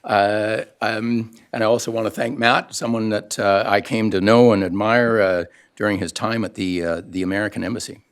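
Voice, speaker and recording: A man's voice: fairly low pitch, fairly even intonation, moderate pace, smooth. A man from Canada, older, heading a think tank and giving a formal launch speech to an audience, with dry wit and frequent "uh" fillers. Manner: dry wit, many uh fillers, quoted lines acted out. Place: event room with an audience.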